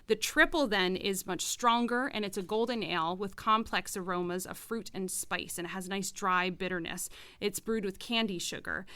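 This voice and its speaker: Bright, clear-voiced woman explaining beer. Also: mid-range voice, moderate pace, no echo. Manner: informative, reads notes with asides. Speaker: podcast co-host presenting a beer segment. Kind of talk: casual podcast chat, semi-scripted explainer.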